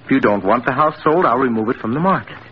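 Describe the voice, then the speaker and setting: An actor playing a placating, evasive young nephew in a 1940s-style radio drama, talking soothingly. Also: male voice, medium pitch, animated, fast talker, close to an everyday voice. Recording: dull old radio broadcast with hiss.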